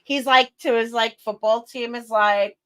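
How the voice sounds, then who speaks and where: A woman's voice: a little high, measured pace. A woman with a New York accent, co-hosting a casual podcast and telling stories that act out what other people said. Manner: animated storytelling, acting out others' lines, laughing often. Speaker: podcast co-host. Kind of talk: casual chat.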